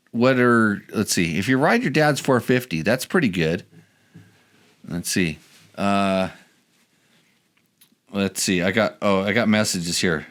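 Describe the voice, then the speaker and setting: A man hosting a casual podcast chat, rambling and restarting his sentences as he goes. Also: fairly low pitch. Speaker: podcast host.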